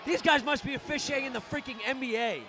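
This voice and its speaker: A young man doing live play-by-play for a high school basketball game, often shouting in outrage at the referees. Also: fast talker. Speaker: student play-by-play commentator.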